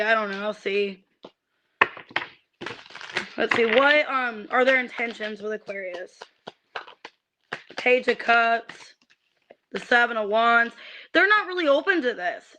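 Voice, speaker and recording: High bright-voiced tarot reader woman. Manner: irritated ranting, swears, stammers on restarts. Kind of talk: livestreamed tarot reading.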